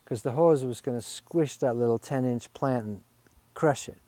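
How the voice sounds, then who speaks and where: A man raised in Sweden talks in a loose, meandering monologue, wandering off mid-sentence and circling back. His voice is dark and relaxed, and a slightly tipsy looseness runs through his talk. He speaks outdoors in a garden. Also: medium pitch, normal speed, no room sound. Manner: meandering, digressive, confessional. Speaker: spiritual vlogger. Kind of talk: rambling casual monologue. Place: outdoors in a garden under a fruit tree.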